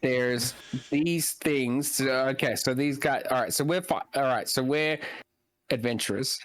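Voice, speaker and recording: Male player, unhurried delivery, mid voice, self-deprecating humor. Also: medium pitch. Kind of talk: casual tabletop game chat.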